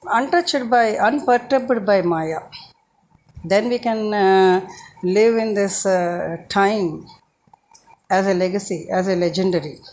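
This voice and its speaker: A woman giving a reflective spoken talk, hesitant and pausing often on filler sounds. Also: fairly high pitch, a little mellow, poor audio. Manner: hesitant, with frequent filler pauses. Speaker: speaker giving a short talk.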